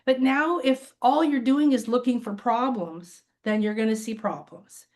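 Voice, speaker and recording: A woman's voice: on the high side, measured pace. A woman spiritual teacher talking casually as an interview guest, telling stories and acting out the voices of the people in them. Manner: animated, acts out quoted voices, laughs often. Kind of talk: casual conversational storytelling. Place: lives by a beach.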